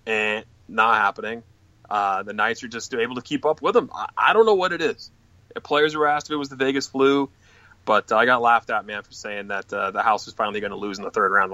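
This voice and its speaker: A man hosting a casual sports talk show, chatting in a relaxed, joking way. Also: lowish voice, fairly quick, dry recording. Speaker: podcast host.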